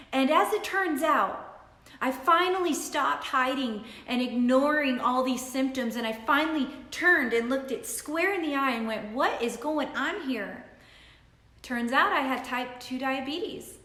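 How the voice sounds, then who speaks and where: Woman, nutritionist, earnest testimony, emphatic, slightly high voice, echoey room. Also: sharp tone. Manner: earnest, emphatic, repetitive storytelling. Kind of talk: personal testimony talk. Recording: roomy echo.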